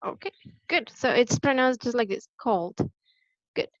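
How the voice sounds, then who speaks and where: A woman teaching English pronunciation in a patient, deliberate way, repeating the key points for her students. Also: on the high side, expressive, no room sound. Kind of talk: classroom lesson explanation. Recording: dull lo-fi sound, dry.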